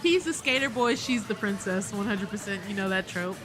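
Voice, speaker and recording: A woman chatting casually while streaming a game, animated and quick to laugh and swear, greeting her viewers. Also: mid-range voice, over music. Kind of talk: casual live game commentary.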